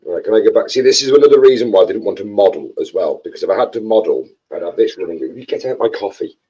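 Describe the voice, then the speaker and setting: A man co-hosting a hobby livestream in casual chat, laughing often and talking softly to a dog. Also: fairly low pitch, lively intonation, fast, slightly rough. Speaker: co-host of a modelling livestream. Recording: dull lo-fi stream audio.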